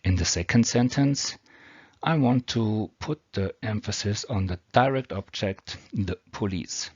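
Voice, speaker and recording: A man's voice: fairly low pitch, expressive, unhurried, slightly rough, dry recording. A man teaching English grammar with a non-native accent, explaining patiently step by step. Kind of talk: explaining grammar over slides. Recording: dull lo-fi homemade audio.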